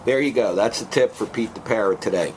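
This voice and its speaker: A man's voice: fairly low pitch, fairly quick, a little hiss or hum, rough recording. A man giving a casual home demonstration and plainly, patiently explaining how to set up a device. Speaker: blogger showing a gadget. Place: at home, out front.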